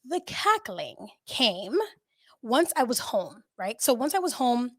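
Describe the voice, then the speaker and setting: A woman's voice: a little high, big pitch swings, slow pace, no room sound. A woman hosting a podcast, telling a story in casual chat with lots of swearing and laughter. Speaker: podcast host.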